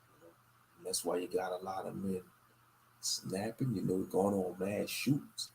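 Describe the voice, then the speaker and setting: A tired man rambles through a late-night livestream in a very low, gravelly voice. His talk is loose and monotone, with little lift from line to line. He sounds worn out. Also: a little slow, a little hiss or hum. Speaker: livestream host.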